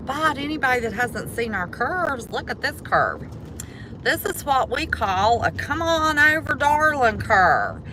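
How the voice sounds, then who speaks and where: A woman's voice: sits high, big pitch swings, slow, noisy background. A West Virginian woman live-streaming from her car on a mountain drive. She chats in a folksy way and calls her viewers "y'all.". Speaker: vlogger. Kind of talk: casual livestream commentary. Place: inside a car driving mountain roads. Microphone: handheld phone while driving.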